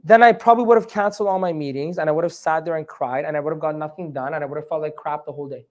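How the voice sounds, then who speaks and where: A man leads a live training session as a motivational speaker. His delivery is animated, and he keeps checking in with his audience through questions. He also acts out the voices in his own head. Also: a little high, rapid-fire.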